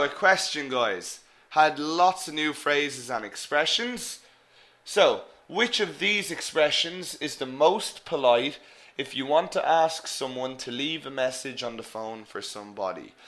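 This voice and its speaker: Man, english teacher, online lesson, bright crisp tone, coaching. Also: a little high, lively intonation. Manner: coaching, repeats example phrases slowly.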